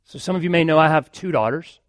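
A man's voice: on the high side, fast talker, dry recording, clean studio sound. A man, a pastor, preaching a sermon earnestly, building emphasis with repeated phrases.

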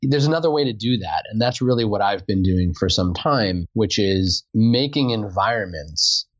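A man's voice: lowish voice, expressive, moderate pace, no room sound, dull audio. A middle-aged man answering interview questions, thoughtful, often repeating words while he thinks. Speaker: guest, immersive entertainment creator.

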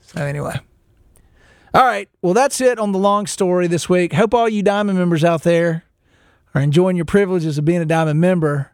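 A man in his thirties hosting a podcast, telling a long, rambling story in a casual, animated way and laughing as he goes. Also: high voice, moderate pace, no echo, clean studio sound. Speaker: podcast host.

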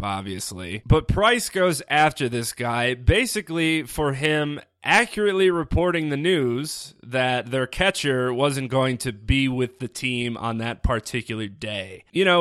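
A man's voice: mid-range voice, a bit bright, no room sound. Man, sports podcast host, casual, sarcastic asides, dry close mic. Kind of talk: solo sports podcast commentary.

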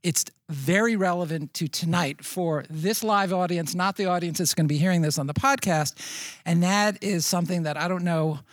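High-voiced man telling stories. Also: normal speed, no echo, studio quality. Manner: enthusiastic, laughs while telling stories. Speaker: podcast co-host. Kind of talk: casual live podcast chat. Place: live event in front of an audience.

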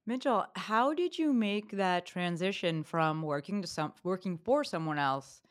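A woman hosting a podcast interview, enthusiastic and full of praise, quickly asking follow-up questions. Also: fairly low pitch, expressive. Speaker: podcast host. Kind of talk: casual interview conversation.

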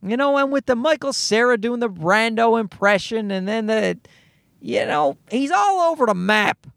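Podcast host ranting, bouncy pitch, lots of swearing, dry close sound. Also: animated, normal speed, vocal fry, a bit bright, dry recording. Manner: profane, ranting, many restarts. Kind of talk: casual podcast rant.

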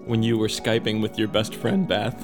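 A man's voice: lowish voice, little pitch movement, normal speed, over loud music. An American man co-hosting a podcast in casual chat, joking and sarcastic, swearing freely. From United States. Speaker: podcast co-host.

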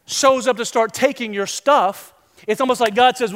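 Animated high-voiced male preacher in a hall. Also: a little fast. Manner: animated, acts out quoted voices. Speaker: pastor. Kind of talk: sermon.

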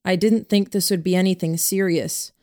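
A woman voicing a calm, principled young man who speaks in a measured, quiet way. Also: lowish voice, close to an everyday voice.

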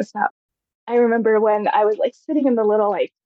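A woman in her thirties shares her own story as a podcast guest. She talks in a loose, chatty way, with lots of "like" fillers and a quick laugh now and then. Her voice sits at a middle pitch and comes through slightly dull and lo-fi, with a dry sound and no room echo. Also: steady tone. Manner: chatty, heavy use of "like" fillers, laughs often. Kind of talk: casual personal storytelling.

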